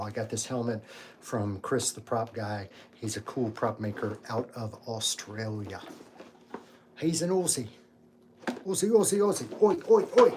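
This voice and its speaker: A man's voice: medium pitch, background noise. A man hosting a casual live Q&A about his costume armor, talking in a rambling, chatty way with lots of fillers while he takes the armor off. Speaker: cosplay channel host.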